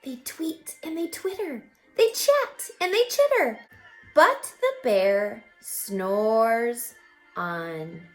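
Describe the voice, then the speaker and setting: A woman teacher reading a picture book aloud in an expressive, playful way, then explaining it to children. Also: mid-range voice. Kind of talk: read-aloud storytelling and lesson.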